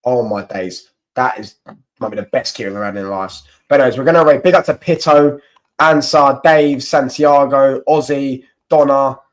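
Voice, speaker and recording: A young man hosting a casual football livestream, slangy and excitable, giving shout-outs to viewers. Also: medium pitch, normal speed, low-quality recording.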